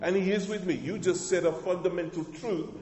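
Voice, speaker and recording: A male pastor with a slightly higher-than-usual voice preaches to his congregation. His delivery is emphatic, and he often calls the room to answer back. He repeats and restarts phrases as he goes, and his voice rings through a reverberant church hall. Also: steady tone, brisk, a loud crowd. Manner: emphatic preaching with call-and-response. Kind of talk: sermon. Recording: echoey hall with long reverb.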